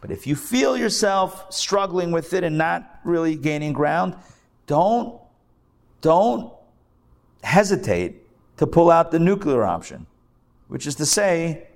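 A man's voice: on the high side, sing-song, slow pace, gravelly. A man teaching a live class as a rabbi, talking conversationally and repeating phrases for emphasis. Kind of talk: live recorded lecture. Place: academy classroom before a live audience.

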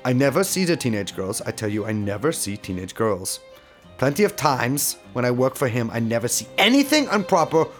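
A man's voice: mid-range voice, very animated, a little fast, soft background music, pitched below the performer's own voice, lightly acted. A man voicing an evasive male Russian bodyguard and trainer in a comedic interview reenactment, speaking broken English in a put-on Russian accent that drifts toward German and Polish. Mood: defensive. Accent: put-on Russian, slipping toward German and Polish. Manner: broken English, defensive, denies everything.

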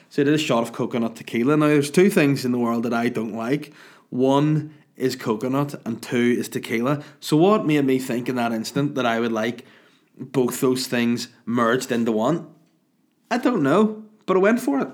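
A man in his thirties with a Northern Irish accent, hungover, telling crude, rambling, animated comic stories. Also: medium pitch, normal speed. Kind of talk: casual comic storytelling.

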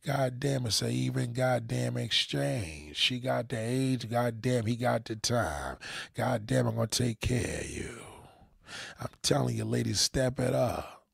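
A man's voice: medium pitch, a little slow, gravelly, husky, no echo, studio quality. A middle-aged man giving crude dating advice to viewers in a profane, preachy rant, swearing constantly. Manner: preachy, crude, peppered with "goddamn", slips into voices of others.

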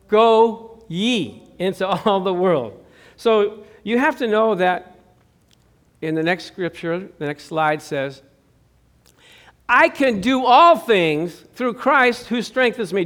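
Animated high-voiced pastor preaching. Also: male voice. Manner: animated, jokey, acts out quoted voices. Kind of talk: sermon. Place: church.

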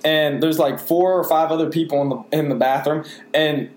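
A young man, co-host of a casual talk show, telling a story with animated quotes and swearing. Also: a little high, normal speed. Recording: echoey room with faint hiss.

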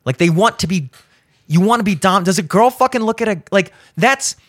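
A show host delivers a blunt opinion monologue about relationships, swearing heavily and insistently repeating points for emphasis. His voice is high, expressive and a bit bright at a moderate pace, with no room sound.

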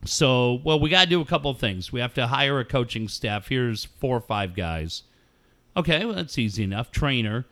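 A middle-aged man telling a story in casual chat, animated and profane, often laughing. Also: medium pitch, moderate pace.

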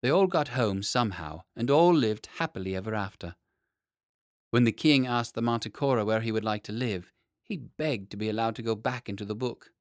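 A man narrating a children's storybook in a measured, expressive reading. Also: on the low side, no echo, studio quality.

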